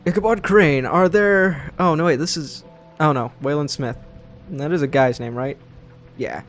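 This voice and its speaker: A man's voice: on the high side, moderate pace, faint music behind. A young man hosting a let's play, chatting casually and self-deprecatingly about the game. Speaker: gaming channel host.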